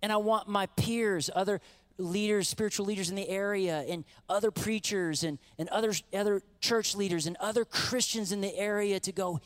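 A middle-aged man preaching a sermon as pastor, animated and conversational, acting out quotes and calling on the congregation. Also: sits high, normal speed.

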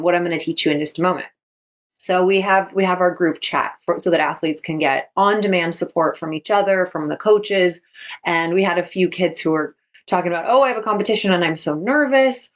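A woman in her thirties, a sports mindset coach hosting her podcast, talking casually and upbeat, acting out quotes as she goes. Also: fairly low pitch. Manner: upbeat, chatty, acts out quotes. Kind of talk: casual solo podcast talk.

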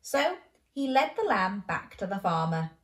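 A woman's voice: mid-range voice, big pitch swings, unhurried, echoey room. A woman hosting a children's show, reading a bedtime story aloud playfully and asking the listener questions.

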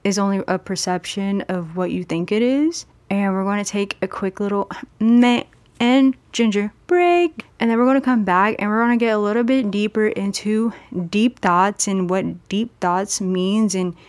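A woman's voice: medium pitch, fairly even intonation, darkish tone, no echo. Candid solo podcast host, woman, conversational, dry booth sound. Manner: candid, conversational, speeds up and slows down for emphasis. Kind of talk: casual solo podcast talk.

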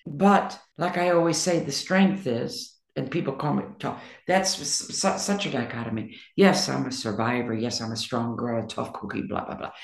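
A woman answers interview questions in a blunt, emphatic, outspoken way. Her voice is rough and gravelly, with a clear fry to it. The room adds a noticeable echo around her. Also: low-pitched. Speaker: interview guest, poet and songwriter. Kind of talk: candid conversational interview.

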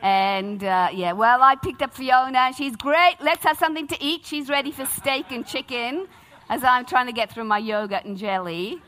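Woman preacher, middle-aged, chatty animated storyteller. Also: high voice, moderate pace. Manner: animated, humorous storytelling with acted-out quotes. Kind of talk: sermon.

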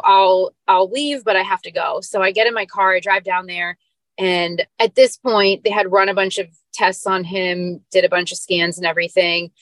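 A woman's voice: mid-range voice, fairly bright tone, no room sound. A woman guest on a podcast, telling a personal story in an earnest, emotional way with casual fillers. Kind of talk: personal story told in an interview.

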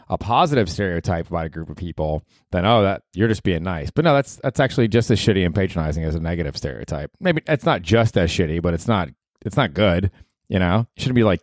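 A man hosts his comedy podcast in a casual monologue, rambling, swearing and poking fun at himself. His low voice comes through clean studio sound with no echo.

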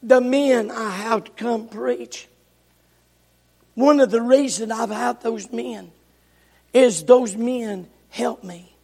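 A male pastor preaching a sermon, telling folksy stories with bursts of shouting, recorded in a church sanctuary. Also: very high voice, unhurried, slightly rough. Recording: echoey church hall.

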